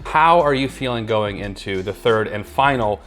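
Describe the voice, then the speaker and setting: Low-voiced man hosting a movie reaction. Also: lively intonation, moderate pace, a bit bright, faint music behind. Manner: playful, teasing banter. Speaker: host of a movie reaction channel. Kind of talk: casual chat.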